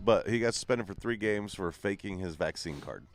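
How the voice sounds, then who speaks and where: A man from Iowa, hosting a podcast and teasing his co-host in a brisk, casual chat. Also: lowish voice, animated. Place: bar.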